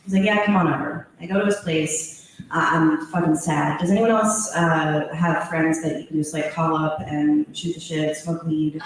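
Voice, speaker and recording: A woman's voice: deep voice, fairly even intonation, moderate pace. A young woman tells a raunchy personal story to a live crowd, laughing often. Her voice bounces around a very echoey room. It sounds distant from the microphone. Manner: candid, crude, laughing through her story. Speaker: storyteller guest. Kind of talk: live storytelling before an audience. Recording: echoey room, voice far from mic.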